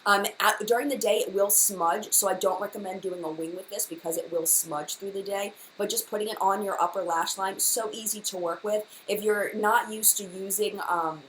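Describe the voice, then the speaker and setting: A woman's voice: medium pitch, steady tone, moderate pace, hardly any pauses, a bit bright, a little hiss or hum, low-quality recording. A woman hosting a casual live-stream makeup chat, gushing and enthusiastic, often repeating herself. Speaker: beauty vlogger, live chat host.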